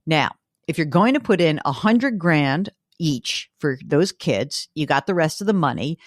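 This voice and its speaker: A woman's voice: low voice, dry recording. An enthusiastic woman hosts a money advice podcast, her voice rising and falling a lot as she chats. The sound is dry and close, with no room around it. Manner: animated, enthusiastic, talks in quick asides. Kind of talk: casual podcast chat.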